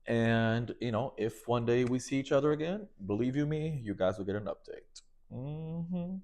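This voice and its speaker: A man's voice: mid-range voice, normal speed, darkish tone. A man hosting a solo podcast, talking in a sassy, campy way, laughing often and calling listeners baby and honey. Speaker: podcast host. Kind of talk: casual solo podcast monologue.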